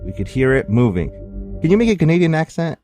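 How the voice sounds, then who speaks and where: A man with an accent co-hosting a podcast, telling stories in a casual, animated way and laughing often. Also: a little high, fast talker, faint music behind. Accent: non-native English. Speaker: podcast co-host. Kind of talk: casual storytelling chat.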